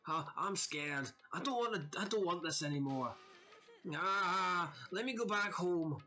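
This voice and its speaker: Male reader doing a stammering, frightened girl; brighter and a touch higher. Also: animated, a little slow, faint music behind, full character voice. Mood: scared, tearful. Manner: stammering, whimpering. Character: frightened sobbing teenage girl.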